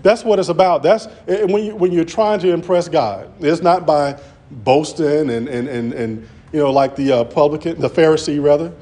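A man's voice: fairly high pitch, moderate pace, mellow. A man preaching an earnest sermon, often restarting his words as he presses his points. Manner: earnest, repetitive, stammering restarts.

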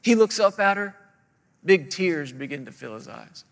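A man's voice: high voice, expressive, normal speed, long reverb tail. A man in his thirties preaching a sermon as a pastor, telling humorous stories and acting out the voices of the people in them.

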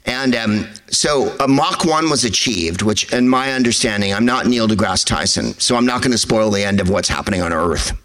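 A man telling rambling, wry stories to a live audience, slipping in quick impressions of people. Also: on the low side, lively intonation, a bit bright, rough recording.

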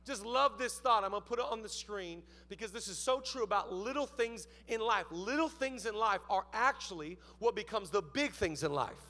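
A man preaching a sermon as pastor, telling stories with lively, acted-out voices. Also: high voice, normal speed, few pauses. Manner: animated storytelling, acts out voices.

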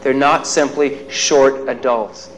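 A man's voice: mid-range voice, fairly even intonation, slow pace, a little hiss or hum, poor audio. A male psychologist telling a personal story in a workshop lecture, with self-deprecating, chuckling asides. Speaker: psychologist giving a workshop talk.

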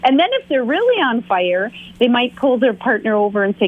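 A woman's voice: animated, a little fast, few pauses. Woman guest on a tinny phone line. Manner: acts out quoted voices with big pitch jumps. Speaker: guest, author and teacher. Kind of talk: interview on a call.

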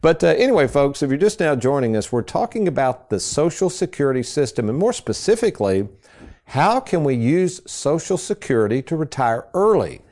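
A man's voice: on the high side, big pitch swings, moderate pace, darkish tone. A man, hosting a financial radio show in a casual, folksy storytelling way. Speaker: financial advisor and radio host.

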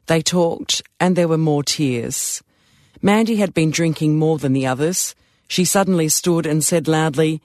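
Male audiobook narrator, measured and even, slightly high voice, dry booth sound. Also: dry recording.

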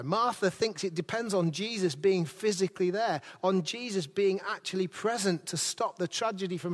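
A man delivering a sermon in a fairly high voice, with slow, deliberate emphasis that sinks low and soft on the words that matter. His voice rings with a long reverb, as in a church hall. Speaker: preacher.

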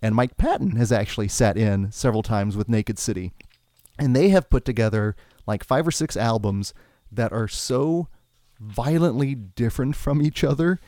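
A man's voice: mid-range voice, normal speed, mellow, no room sound, studio quality. A man co-hosting a podcast, talking casually and enthusiastically about music, rambling with frequent restarts. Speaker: podcast co-host.

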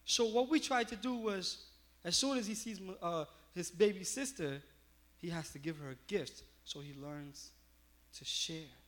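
A man's voice: high-pitched, a little slow. A man pastor giving a sermon, telling a personal story with lots of fillers and restarts. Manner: animated storytelling with many fillers.

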